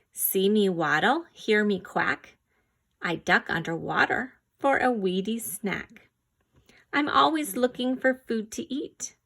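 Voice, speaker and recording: A woman's voice: mid-range voice, creaky. A woman reading a children's picture book about farm animals aloud, asking simple questions and imitating animal sounds. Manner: slow, gentle read-aloud with animal sounds and quiz questions. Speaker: reader.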